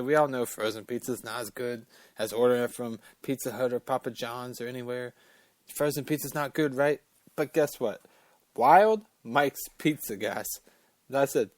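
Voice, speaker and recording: A man's voice: mid-range voice, dry recording. A man hosting a casual sports talk show, ranting about college football rankings in an opinionated, fired-up way and cussing as he gets worked up.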